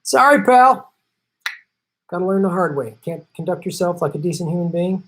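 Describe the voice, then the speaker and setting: A man's voice: high-pitched, fairly even intonation, fast, darkish tone, husky, rough recording. Sarcastic, profane man hosting a live stream. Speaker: political show host. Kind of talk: live-stream commentary reading viewer chats.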